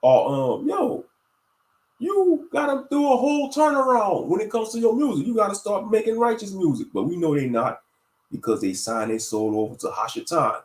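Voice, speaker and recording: A man's voice: high-pitched, animated, normal speed. A man in his late thirties hosting a casual commentary monologue, thinking aloud and turning preachy. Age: late 30s. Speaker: host.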